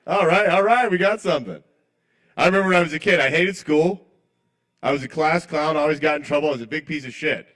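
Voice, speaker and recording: A man's voice: fairly high pitch, fast talker, a bit bright. A man doing stand-up comedy at a small bar's open mic night. He rambles, apologizes to the crowd and chuckles at his own jokes.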